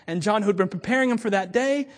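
A man's voice: sits high, quick pace. A man, a pastor, giving a conversational sermon with joking asides.

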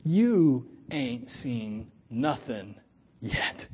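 A middle-aged man preaching a sermon to his church in a chatty, animated way, laughing often and acting out quoted voices. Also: medium pitch, extremely slow, slight background noise. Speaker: pastor.

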